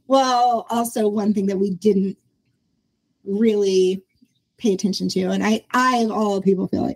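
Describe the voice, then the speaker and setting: A woman's voice: mid-range voice, takes it slowly, rough recording. A woman in her forties hosting a podcast, talking through her thoughts in a casual, reflective way and often laughing. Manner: reflective, laughs often, quotes herself in lively voices. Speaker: podcast host. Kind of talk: casual conversational interview.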